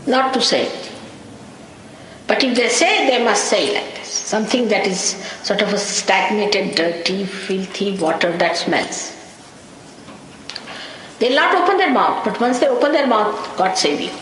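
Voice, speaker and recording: A woman's voice: medium pitch, lively intonation, measured pace, a bit bright. A woman gives a wry, anecdotal spiritual talk to a gathering, breaking into small laughs as she tells stories. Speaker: spiritual teacher. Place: lecture hall in London. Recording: echoey hall, faint hiss, 1985 archive tape.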